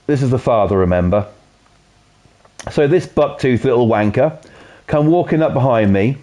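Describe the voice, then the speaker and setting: A man's voice: mid-range voice, animated, normal speed, dark tone. A man with a Norfolk accent streaming a game and telling a long, profane story in casual, rambling chat. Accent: Norfolk English.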